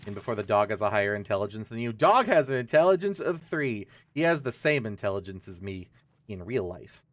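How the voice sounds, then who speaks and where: Very animated and fairly quick, a low-voiced man streams a game with casual let's-play commentary. He rambles, jokes and mocks himself as he plays.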